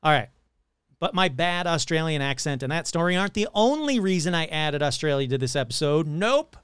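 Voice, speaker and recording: A man's voice: a little high, lively intonation, brisk, fairly bright tone, clean tone, no room sound, clean studio sound. A male podcast host talking through a casual, jokey monologue with frequent swearing and asides.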